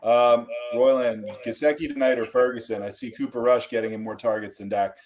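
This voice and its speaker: A man's voice: medium pitch, steady tone, fairly quick, darkish tone. A man co-hosting a casual fantasy football chat, reading listener questions with dry humor.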